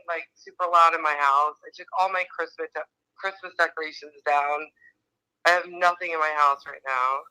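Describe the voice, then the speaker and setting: A woman's voice: lowish voice, sharp tone, clear, resonant tone, no echo, low-quality recording. A woman from Indiana calling into a live stream, talking in a self-described Valley girl way full of ums and likes. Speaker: caller. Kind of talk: casual phone-in chat. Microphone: phone.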